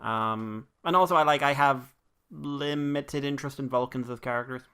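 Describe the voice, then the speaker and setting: An Irish man chats casually as a podcast co-host, rambling from one thought to the next. His tone is bright and clear. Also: medium pitch, normal speed. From Ireland. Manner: rambling, laughing, bursts into mock accents. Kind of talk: casual chat.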